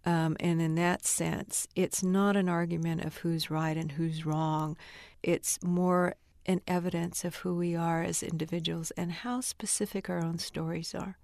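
Low, gravelly-voiced older woman author. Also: little pitch movement, unhurried, a little mellow, no room sound, clean studio sound. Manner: thoughtful, searching for words, laughs now and then. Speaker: novelist interviewed about her work. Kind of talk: reflective interview answers.

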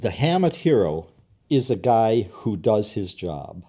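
A man who was once a private investigator, talking as an interview guest in an animated, blunt storytelling manner. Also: lowish voice, a little slow, breathy edge. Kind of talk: casual interview talk.

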